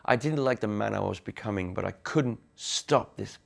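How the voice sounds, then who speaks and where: A man from the Midlands speaking candidly in a documentary interview, halting and restarting as he talks. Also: fairly low pitch, vocal fry. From Cannock, England. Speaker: interviewee, musician.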